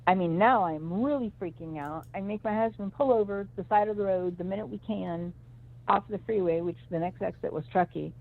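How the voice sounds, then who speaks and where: A middle-aged woman with a gravelly, creaky voice rambles through a personal story with emphatic restarts. Her voice sits at an ordinary pitch for a woman. It comes through a thin, tinny phone line. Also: fairly quick. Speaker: psychic reader. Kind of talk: personal storytelling on a call-in show.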